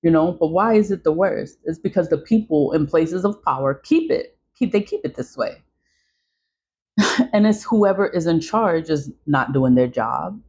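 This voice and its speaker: A woman's voice: low voice, animated, normal speed, a little mellow, husky. A middle-aged woman vlogger in a casual venting monologue, emphatic and repeating her points.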